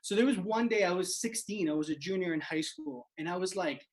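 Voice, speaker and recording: This South Florida man in his late twenties hosts and tells a self-mocking stand-up story over a video call, saying "like" constantly. His voice sits high and moves fairly quickly, and the recording quality is low.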